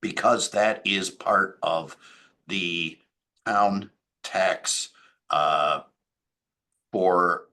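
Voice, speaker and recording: A man giving a local government update as town supervisor, talking in a halting way with many fillers and self-corrections. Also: low voice, bright, forceful tone.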